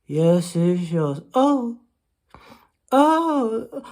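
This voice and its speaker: A woman putting on a slow, sultry purring woman. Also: on the high side, big pitch swings, darkish tone, full character voice.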